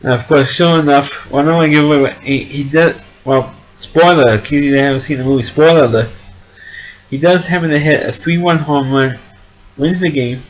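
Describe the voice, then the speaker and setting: A man's voice: fairly high pitch, normal speed, low-quality recording. A man giving a casual spoken movie review, rambling along and often repeating and restarting his words.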